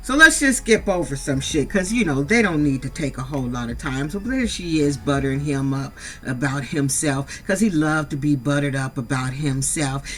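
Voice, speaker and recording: Low-pitched yet fairly bright and expressive, this middle-aged San Diego woman moves at a moderate pace with few pauses. She runs through a reality show recap in blunt, profane terms, swearing freely and scolding the cast directly.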